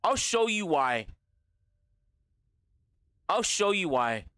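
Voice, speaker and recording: Bright-voiced young male streamer. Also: high voice, slow pace, smooth, no echo, studio quality. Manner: animated, profane, slangy banter with chat. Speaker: gaming livestreamer. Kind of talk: casual stream chat with viewers.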